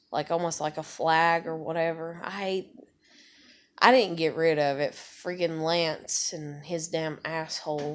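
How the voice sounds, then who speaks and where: A woman's voice: lowish voice, a little hiss or hum. Rambling, swearing woman telling a story. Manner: rambling, profane, full of fillers. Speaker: vlogger. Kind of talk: casual storytelling. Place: home with a kitten nearby.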